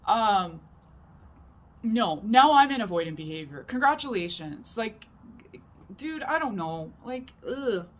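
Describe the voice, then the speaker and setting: A woman's voice: medium pitch, lively intonation, slow pace. A woman vlogger telling a personal story to camera, rambling and emphatic, with many fillers. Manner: rambling and emphatic, heavy use of "like".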